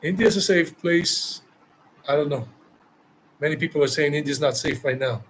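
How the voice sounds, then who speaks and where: A man's voice: a little high, moderate pace, fairly bright tone, a little hiss or hum, low-quality recording. A man from the United States, a travel vlogger answering viewer questions live, talking emphatically and repeating phrases for stress. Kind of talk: live Q&A chat.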